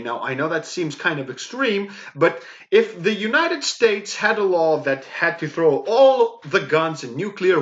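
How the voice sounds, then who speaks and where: A man's voice: a little high, fairly bright tone. Emphatic man ranting. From Greece. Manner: emphatic, mocking, with many fillers and "okay?". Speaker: YouTube commentator. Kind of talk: ranting commentary. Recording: dull lo-fi mic.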